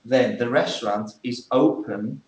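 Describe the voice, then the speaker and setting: A man teaches English in a classroom, explaining step by step and checking in with many okays. His voice is medium-pitched, unhurried and a little mellow, and the audio is poor, with an echoey room.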